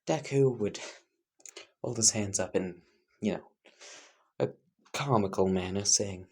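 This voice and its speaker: Slow husky man rambling through a fan story. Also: fairly low pitch, a little mellow. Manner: loose, rambling, many fillers, drops into whispers. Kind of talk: casual improvised story narration.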